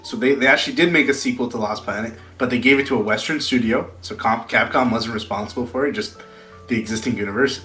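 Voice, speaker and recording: A young man co-hosting a podcast, chatting casually and excitedly and swearing freely. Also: mid-range voice, fast, reverberant, faint music behind, low-quality recording. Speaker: podcast co-host. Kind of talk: casual chat.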